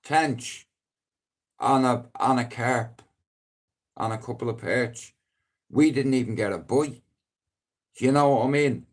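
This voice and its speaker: A middle-aged man with a Dublin accent rambling on a casual live stream, swearing freely and breaking into loud emphatic outbursts. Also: medium pitch, takes it slowly, pauses often. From Ireland.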